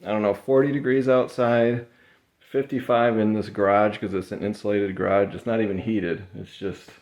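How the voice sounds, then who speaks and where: A Midwestern man with a lowish voice at normal speed vlogs casually about his eBay reselling. Tired and sweating in an insulated garage, he rambles in a relaxed, chatty way full of fillers.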